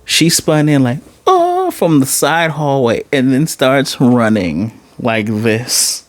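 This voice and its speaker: A man casually recapping and reviewing an anime episode, excitable and animated, often jumping into high-pitched voices to retell scenes. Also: slow pace, dry recording. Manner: excitable, laughing reactions, restarts.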